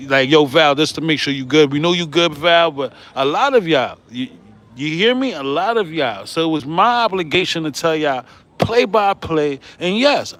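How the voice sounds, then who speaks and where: High-voiced man ranting on his channel. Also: fairly bright tone. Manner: profane, combative, repeats "right?"; laughs often while ranting. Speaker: YouTube host. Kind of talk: heated vlog rant.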